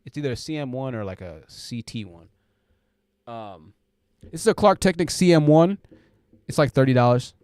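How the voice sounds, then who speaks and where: A man's voice: medium pitch, normal speed, long pauses, smooth, no echo. Male streamer, casual and rambling, mid-range voice, dry home podcast-mic sound. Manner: relaxed, rambling explainer with frequent fillers. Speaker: live stream host. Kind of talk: casual live chat, reading viewer comments. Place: home room with hoodies hung up to absorb sound. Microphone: dynamic podcast mic through a preamp.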